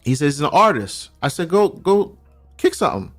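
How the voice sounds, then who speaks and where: A man's voice: a little high, sing-song, fast talker, fairly bright tone, faint music behind. A middle-aged man from Brooklyn, telling stories as a guest on a casual podcast. He talks in street slang and restarts his sentences a lot. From Brooklyn, New York. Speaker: guest checking in from abroad.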